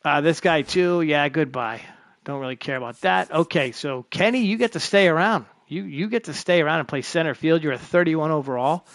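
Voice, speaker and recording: Here a streamer talks to himself fairly quickly while sorting his roster in a baseball management game, giving chatty live commentary. His voice sits on the high side and is a bit bright, with no room sound.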